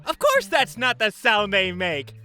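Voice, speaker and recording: A woman's voice: medium pitch, huge pitch swings, unhurried, bright, forceful tone, soft background music, full character voice. A woman voicing Mo, a silly, giggly little cartoon creature, talking playfully for a preschool cartoon.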